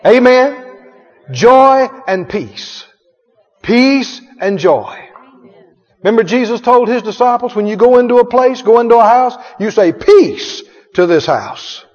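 In an echoey hall with dull sound, a man preaches a sermon in a very high-pitched voice at a measured pace. He leans on emphatic call-and-response and chuckles frequently.

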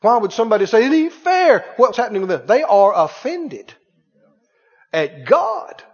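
A man preaching a sermon, swinging between hushed and loud and asking rhetorical questions. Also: high voice, sing-song, moderate pace, husky. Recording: dull reverberant hall sound.

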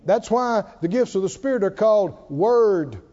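A high-pitched man preaching a sermon, his voice ringing around a church hall with a long reverb. He talks in a mellow tone and rises and falls a lot, calling on the congregation to answer back. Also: lively intonation, normal speed, lo-fi sound. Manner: call-and-response preaching, asks the congregation to repeat lines.

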